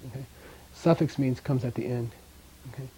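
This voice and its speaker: A man's voice: medium pitch, moderate pace, slight background noise, low-quality recording. A middle-aged man teaching a language class in a casual way, often checking in with his students. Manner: relaxed, casual, checks in with "okay?".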